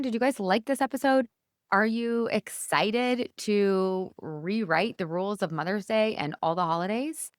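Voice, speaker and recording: A woman's voice: medium pitch, unhurried, clear, resonant tone, no echo, clean studio sound. A middle-aged woman hosting her own podcast, talking straight to listeners in an enthusiastic, chatty, motivational way. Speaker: podcast host and coach. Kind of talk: solo motivational podcast talk.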